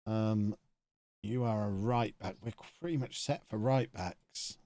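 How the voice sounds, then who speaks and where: A man's voice: on the low side, a little slow, dark tone, no echo. A man, talking to himself in chatty commentary while streaming a video game live. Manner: chatty, thinking aloud to himself.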